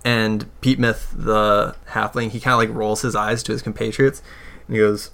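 A man narrating as game master of a tabletop role-playing game, in a relaxed, rambling way full of fillers. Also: on the low side, moderate pace, vocal fry. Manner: relaxed, filler-heavy narration with quoted voices.

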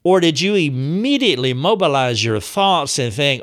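A man hosting a devotional podcast, teaching in a measured, reflective way and putting questions to his listeners. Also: on the high side, sing-song, fairly bright tone. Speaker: podcast host teaching on faith.

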